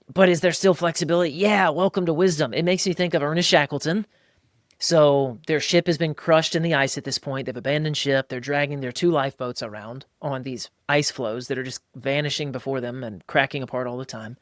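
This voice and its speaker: A man hosting a podcast, talking in a casual, emphatic way and jumping into higher, livelier voices when he acts out quotes. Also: no echo, clean studio sound. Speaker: podcast host. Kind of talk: casual podcast talk on faith and marriage.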